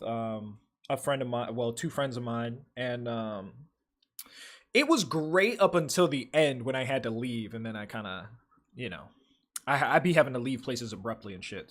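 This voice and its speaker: A man's voice: medium pitch, a bit bright. A young man hosting a livestream, reading viewer comments aloud and chatting in loose, profane slang full of fillers. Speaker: livestream host.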